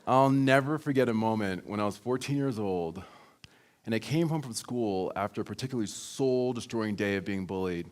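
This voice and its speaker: A man giving a motivational keynote, telling a personal story in a lively way and acting out quoted lines. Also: fairly low pitch, moderate pace. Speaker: keynote speaker.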